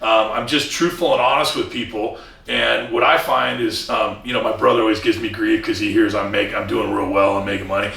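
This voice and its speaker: A Southern California commercial real estate broker talks earnestly as a guest in a casual interview, often restarting his sentences and acting out what other people said. His voice is on the low side, flat, a little fast, creaky, pushed and bright. The mic is distant and the room echoes.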